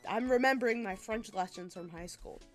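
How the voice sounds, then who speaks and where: A woman's voice: medium pitch, brisk. A young woman streaming a game, reading dialogue aloud and making giggly, self-mocking asides, with faint game music underneath.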